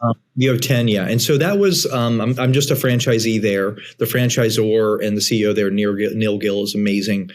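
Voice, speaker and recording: A man in his forties, a guest on a business podcast, talking casually and telling animated stories that he laughs through. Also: fairly low pitch, a little fast, hardly any pauses. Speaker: podcast guest, franchise executive.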